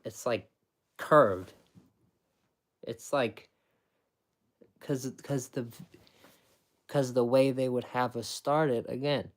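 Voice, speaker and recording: A man's voice: mid-range voice, gravelly. A man casually explaining how he makes sandwiches, with lots of repetition and restarts. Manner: repetitive, restarts often, emphatic; explains step by step. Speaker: former sandwich shop worker.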